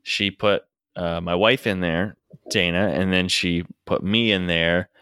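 A young man with a low, smooth, resonant voice tells rambling stories about home on a casual livestream, laughing often as he goes. The sound is dry and close, with no room echo. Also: fairly even intonation, unhurried, pushed and bright. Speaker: co-host, parent.

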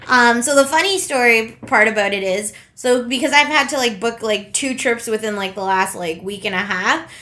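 A giggly woman from Canada co-hosting a casual podcast. Her speech is full of "like" and "um" fillers, and her voice sits a touch high. She tells anecdotes in a loose, chatty way. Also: normal speed, hardly any pauses, pushed and bright. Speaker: podcast co-host. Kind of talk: casual chat.

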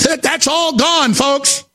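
A man hosting a talk radio show, delivering a frantic, desperate monologue that often breaks into shouting. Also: very high voice. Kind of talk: impassioned on-air monologue.

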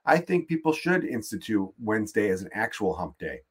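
A man's voice: on the low side, sing-song, brisk, husky. Crude rambling podcast man. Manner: crude, rambling, swears freely. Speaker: podcast host. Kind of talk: casual comedic monologue.

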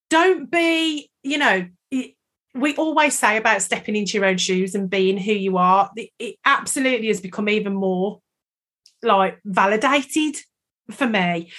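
Female podcast co-host, slightly high voice, rambling and emotional casual chat. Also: unhurried, pushed and bright. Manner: emotional, chatty, rambling with many fillers.

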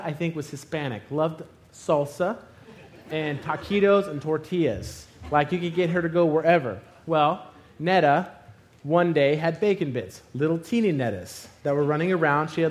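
A man preaching a sermon, telling a funny personal story and acting out the scenes with loud exclamations. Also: a little high, normal speed. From Arizona.

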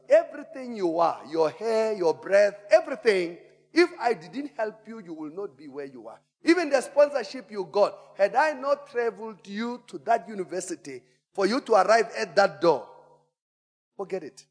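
A pastor preaching a sermon, animated and theatrical, moving from quiet asides to shouts. His voice sits high and leaps across a wide range. Long reverb from the church hall trails behind him. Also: fairly quick. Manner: animated storyteller, call-and-response, swings from hushed to shouting. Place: church auditorium.

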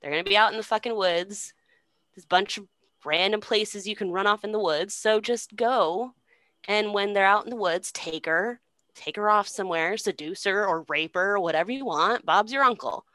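A woman's voice: mid-range voice, normal speed, fairly bright tone, no echo, close to an everyday voice. A woman voicing a scheming male villain in a retold play, blunt and slangy, swearing casually. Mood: plotting.

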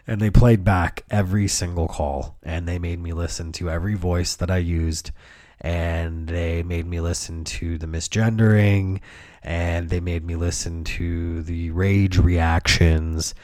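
A man's voice: deep voice, level tone, slow, a little mellow, dry recording, studio quality. A man hosting his own podcast, telling rambling, profane stories in a laid-back way. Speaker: podcast host. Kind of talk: casual comedic storytelling.

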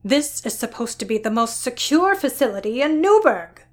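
A woman's voice: a little high, sing-song, normal speed. A woman playing an indignant scientist. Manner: clipped, indignant. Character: prim, irritable woman scientist.

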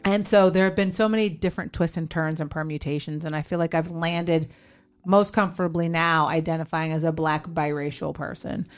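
Woman podcast host in her 40s, kinda low voice, thoughtful and candid, faint music underneath. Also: steady tone, fairly quick, clean tone. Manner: reflective, candid, acts out remembered dialogue. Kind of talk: personal storytelling in an interview.

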